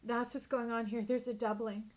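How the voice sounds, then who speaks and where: A woman's voice: fairly high pitch, flat delivery, moderate pace. Effusive, emphatic woman tarot reader. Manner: emphatic, effusive, addresses listener directly. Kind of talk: intuitive tarot reading.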